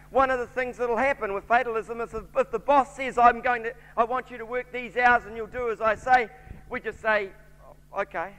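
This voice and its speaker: A man's voice: extremely high pitch, a bit bright. A man with a New Zealand accent preaching a sermon, telling a story and voicing its characters. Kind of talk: sermon with anecdote. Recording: church hall reverb.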